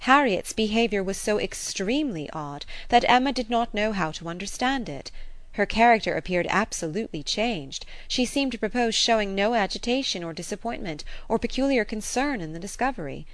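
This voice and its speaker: A woman narrating a classic novel in a lowered, calm, deliberate voice. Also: dry recording. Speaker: audiobook narrator.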